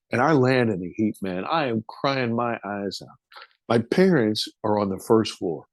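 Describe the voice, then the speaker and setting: A man in his fifties recounts a personal experience as a podcast guest, telling it vividly and emotionally with loose, casual swearing. His voice sits at an ordinary pitch, and the recording is dry and close, with no room echo. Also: normal speed. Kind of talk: casual storytelling.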